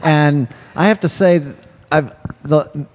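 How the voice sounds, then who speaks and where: A man hosting a podcast in casual chat, soft-hearted and rambling. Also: a little high, slow. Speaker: podcast host.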